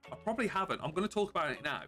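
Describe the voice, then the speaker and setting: A man streaming games, chatting casually and more quietly than usual because of bruised ribs, chuckling often. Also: sits high, very fast, faint music behind. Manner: subdued, calmer than usual, with frequent chuckles. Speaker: game streamer. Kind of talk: casual live-stream chat.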